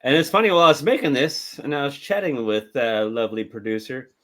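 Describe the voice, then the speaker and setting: A man's voice: medium pitch, fast, fairly bright tone. A man co-hosting a casual movie review podcast, joking around, laughing often and swearing freely. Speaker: podcast co-host.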